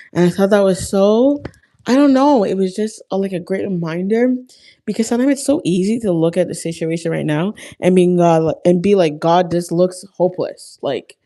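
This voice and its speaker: A young woman speaks to her viewers in a loose, heartfelt way, leaning on "like" as she talks. Her voice sits a little low for a woman. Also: a little mellow. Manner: chatty and heartfelt, frequent "like" fillers. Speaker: vlogger. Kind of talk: casual faith talk to camera.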